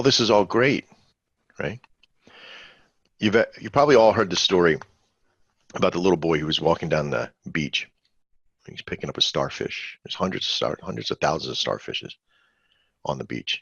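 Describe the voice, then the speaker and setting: A man's voice: low voice, vocal fry, a bit bright, breathy edge, no echo, lo-fi sound. A man hosting a live trading webinar, talking in a rambling, conversational way and quizzing his audience. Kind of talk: casual live webinar teaching.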